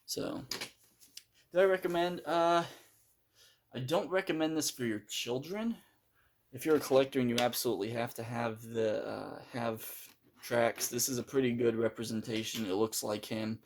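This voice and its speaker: A man's voice: mid-range voice, normal speed, a little hiss or hum. A man giving a casual, unscripted toy review, hesitant and full of fillers as he handles the figure.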